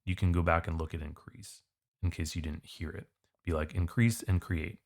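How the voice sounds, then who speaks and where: A man's voice: low-pitched, little pitch movement, a little fast, vocal fry. A man tutoring for the SAT, walking through test questions in a casual, conversational way. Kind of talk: test prep walkthrough.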